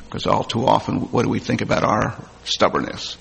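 A man delivers a sermon, reading verses aloud and then explaining them to his listeners. His voice is gravelly and husky. The sound carries a long reverb, as in a large hall. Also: on the low side, animated, moderate pace, few pauses, fairly bright tone. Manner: reads scripture aloud, then comments plainly to the congregation. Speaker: preacher.

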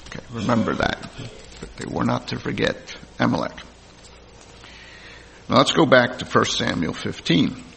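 A man delivers a sermon, reading verses aloud and then explaining them to his listeners. His voice is gravelly and husky. The sound carries a long reverb, as in a large hall. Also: medium pitch, expressive, measured pace, long pauses, a bit bright. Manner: reads scripture aloud, then comments plainly to the congregation. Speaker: preacher.

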